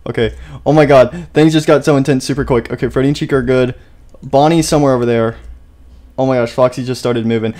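A man's voice: mid-range voice, steady tone, brisk, a little mellow. A young man casually commenting on his own gameplay, chatty, talking to himself and startled easily. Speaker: gaming YouTuber. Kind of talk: casual let's-play commentary.

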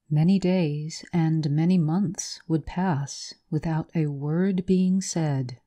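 A woman narrating a literary story in a measured audiobook reading. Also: low-pitched, dark tone.

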